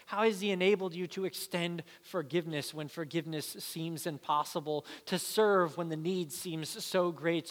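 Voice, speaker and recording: A male pastor in his thirties preaching a sermon and telling a personal story with lively, animated delivery. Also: fairly high pitch, in a large hall. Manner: animated storyteller, acts out voices.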